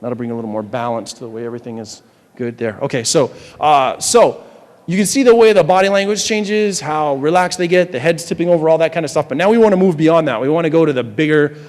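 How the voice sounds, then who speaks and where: A New Hampshire man working as a stage hypnotist chats with volunteers in loose, rambling patter full of restarts, recorded live in a large campus hall with long reverb. His voice is a little high and darkish, and he talks fast.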